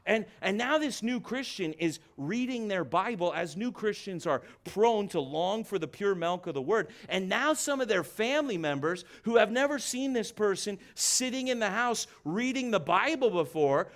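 A man's voice: sits high, expressive, moderate pace, few pauses, a bit bright. A man preaching a sermon as a pastor, passionate and emphatic, often repeating words as he builds a point. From United States.

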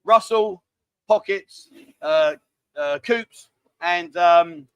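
Man, high-pitched, dry close sound, rambling cheeky live-stream banter. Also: very slow, clear, resonant tone, no room sound, muffled recording. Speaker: livestream host. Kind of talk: casual live chat reading viewer comments.

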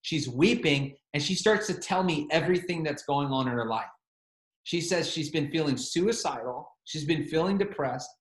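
A man's voice: fairly high pitch, normal speed, reverberant. A man preaching a sermon, telling a story with animation and quoting both sides of a phone call.

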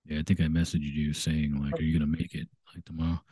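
A man's voice: a bass voice, flat delivery, fast talker, mellow, husky, dry recording. A man co-hosting a podcast over a video call, chatting easily over beers and often stammering as he starts a thought. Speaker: podcast co-host. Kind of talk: casual chat over beers.

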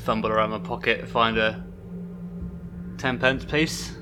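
A man playing a tabletop game, slowly describing what his character does. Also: lowish voice, fairly even intonation, music in the background. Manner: slow, deliberate, describing his character's actions. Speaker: player. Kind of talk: casual tabletop play.

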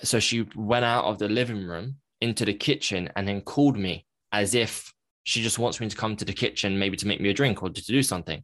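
As a podcast guest, a low-voiced man tells a personal story candidly and reflectively, often stopping to correct himself mid-sentence. He speaks briskly with a slightly bright tone, and the sound is dry and close with no room around it.

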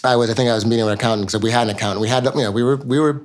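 A middle-aged man from New York, a record label co-founder, chatting as an interview guest with quick restarts and fillers. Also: medium pitch. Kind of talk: casual interview chat.

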